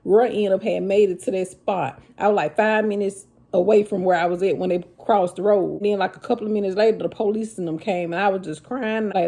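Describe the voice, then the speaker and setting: A woman telling her own story to viewers in a casual, animated vlog. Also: mid-range voice, brisk, creaky, hardly any pauses. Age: adult with children. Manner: animated, addresses viewers as y'all, Southern US vernacular.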